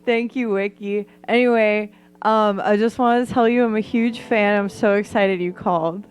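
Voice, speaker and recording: A woman dropping in as a guest, excited and gushing like a fan. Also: mid-range voice, moderate pace, smooth, soft background music.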